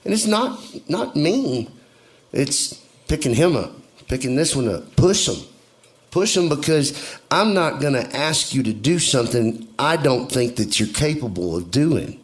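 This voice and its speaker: A man from Texas, a country singer, talking as a guest in a casual chat. He speaks in a relaxed, measured and candid way. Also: medium pitch.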